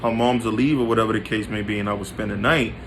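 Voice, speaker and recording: A man's voice: on the low side, steady tone, quick pace, music in the background. A man telling a confessional personal story to his listeners, in casual, slang-heavy talk full of restarts and direct asides. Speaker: podcast storyteller.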